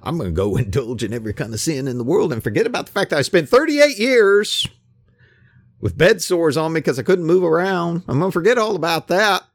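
A man's voice: a little high, expressive, brisk, no room sound, pitched above the performer's own voice. A man preaching who voices a healed man as scornful and defiant, with mocking laughter.

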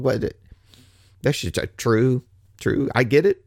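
A man preaching a casual sermon, wry and animated, slipping from scripture into slangy paraphrase. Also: medium pitch, normal speed, creaky, no echo, clean studio sound.

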